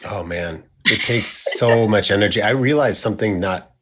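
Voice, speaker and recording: A man's voice: fairly low pitch, moderate pace, fairly bright tone, slight background noise. A young man hosting a casual conversation, rambling and self-correcting with a playful streak. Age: young adult. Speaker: host.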